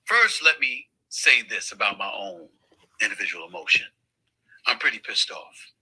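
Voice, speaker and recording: A man in a played-back talk clip, speaking in an emphatic, forceful way. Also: fairly low pitch, big pitch swings, moderate pace, slightly rough, poor audio. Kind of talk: played news and sports talk clips.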